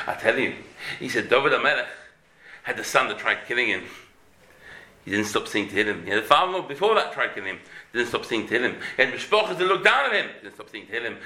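A man teaching a Torah class in an emphatic, animated way, with sudden rises in pitch. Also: fast.

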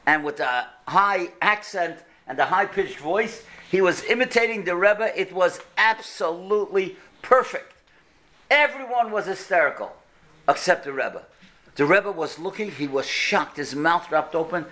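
Higher-voiced man preaching with stories. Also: expressive, measured pace, pushed and bright. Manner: earnest, builds to emphatic points and rhetorical questions. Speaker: religious speaker. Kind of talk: sermon with storytelling.

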